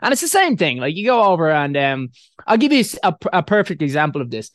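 Irish guy, kinda high voice, rambly and sweary with loads of ums, dry close mic. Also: very animated, fast, no room sound. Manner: rambling, lots of fillers and restarts, swears casually. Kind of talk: casual chat.

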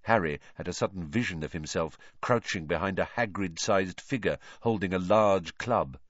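A man narrating an audiobook in an expressive storytelling manner. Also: low-pitched, normal speed, no room sound. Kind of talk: scripted narration. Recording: dry, dull lo-fi.

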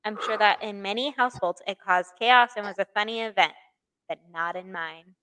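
A woman's voice: medium pitch, moderate pace, fairly bright tone, clear, resonant tone, rough recording. A young woman in her twenties co-hosting a podcast in casual chat, reading stories aloud and laughing easily. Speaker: podcast co-host.

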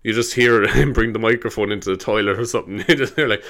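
A fast-talking Irish man with a fairly bright voice on the low side hosts a solo podcast in a casual style. He rambles through stories, laughs along, and slips into silly voices.

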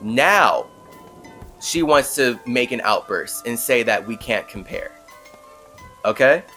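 A man with a mid-range voice hosts a casual podcast, rambling through a story in an unhurried way. His talk is loose and conversational, packed with "like" fillers, and faint music sits behind him. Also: medium pitch, lively intonation, sharp tone. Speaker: podcast host.

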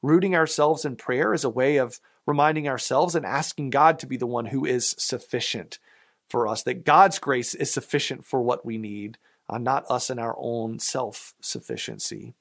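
A man's voice: mid-range voice, lively intonation, gravelly. A man preaching a sermon in a casual, conversational way, often restarting his sentences. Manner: conversational, halting with restarts and fillers. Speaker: pastor.

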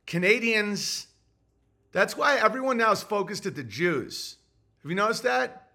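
A man's voice: high-pitched, lively intonation, measured pace, vocal fry, pushed and bright. A man hosting a solo livestream, reading super chats in a grumpy, sarcastic ranting way.

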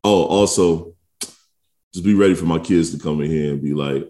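A man in his thirties co-hosting a podcast in relaxed casual chat, laughing often and telling stories about his kids. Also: rumbling low, moderate pace. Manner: laid-back, laughs often, tells stories with kid voices. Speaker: podcast co-host.

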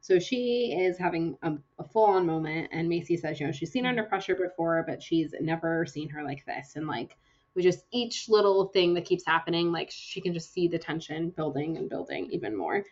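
A young woman co-hosting a casual book podcast, retelling chapters in a chatty, lively way with lots of fillers. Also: fairly low pitch, brisk, dull audio. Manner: chatty, animated storytelling with fillers. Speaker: podcast co-host.

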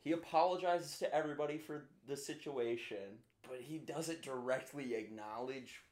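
A man in casual chat, animated and laughing as he talks. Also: mid-range voice, normal speed. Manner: animated, laughing, quotes people in put-on voices. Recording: echoey room.

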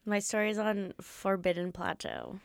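A woman co-hosting a casual chat podcast, playful and quick to laugh. Her voice has a gravelly edge. The sound is dry and close. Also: mid-range voice, fairly even intonation, dry recording. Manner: laughs often, playful, chatty. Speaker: podcast co-host.

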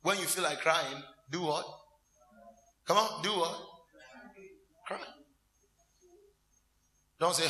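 A man with a fairly high voice preaches a sermon slowly, pausing often, his words echoing around the room. He's an animated minister who draws call-and-response answers from the congregation and dramatizes scenes with laughter and mock tears.

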